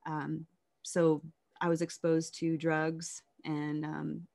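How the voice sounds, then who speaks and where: Candid woman with a lowish voice. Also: completely flat delivery, vocal fry, mellow. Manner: candid, reflective, halting with restarts and nervous laughs. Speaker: guest telling her life story. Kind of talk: personal storytelling in an interview.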